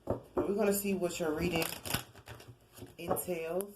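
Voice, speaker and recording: A woman with a low voice talks through a tarot reading in a loose, conversational way. She wanders off track, corrects herself mid-sentence and slips in chuckling asides. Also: fairly even intonation, a little slow, heavy background noise. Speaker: tarot card reader. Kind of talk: casual spoken tarot reading.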